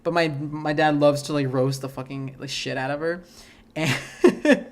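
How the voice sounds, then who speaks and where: A man's voice: on the high side, a little slow. A young man hosting a podcast in casual chat, rambling with many fillers and frequent laughs. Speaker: podcast host.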